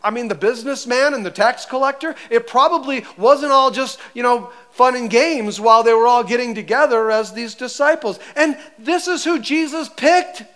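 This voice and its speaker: A man preaching a sermon as pastor, animated and conversational, acting out voices as he tells the story. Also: very high-pitched, moderate pace, hardly any pauses.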